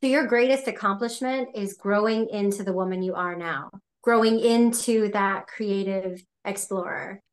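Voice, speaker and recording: A woman's voice: mid-range voice, normal speed, few pauses. A woman hosting a casual interview podcast, rambling through her questions and restarting them as she goes. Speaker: podcast host.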